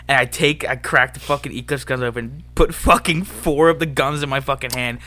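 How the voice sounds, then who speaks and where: A man's voice: mid-range voice, fairly even intonation, a little fast, bright, forceful tone. Young man ranting with lots of swearing. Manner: rambling, swears a lot, says dude constantly. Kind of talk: casual chat.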